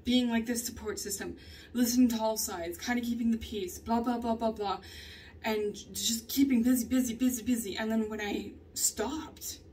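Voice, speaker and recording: A woman's voice: fairly high pitch, fairly even intonation, moderate pace, mellow, far from the mic, slight background noise. A young woman talking candidly in a personal journal vlog, rambling and laughing often as she tells her story. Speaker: vlogger.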